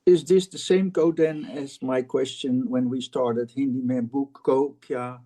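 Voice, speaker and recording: A man's voice: medium pitch, fairly even intonation, a little slow, dark tone. A man student in an online class hesitantly asking a question.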